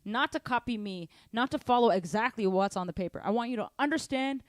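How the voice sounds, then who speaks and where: A young woman teaching a drum lesson on a live stream, energetic and chatty, counting and singing rhythms aloud between grooves. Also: a little high, fairly quick, no echo, studio quality. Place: home drum room. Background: drum kit.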